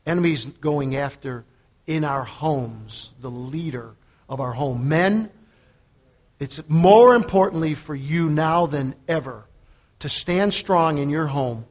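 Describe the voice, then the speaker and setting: A man's voice: fairly high pitch, takes it slowly. A man who is a preacher and fitness coach, giving a conversational sermon, telling the story with chuckles and repeating phrases for emphasis. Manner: chuckles often while talking.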